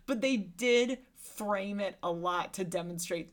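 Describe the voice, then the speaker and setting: A woman co-hosting a casual movie podcast, chatty and animated, who laughs often. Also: medium pitch, slow pace, few pauses. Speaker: podcast co-host.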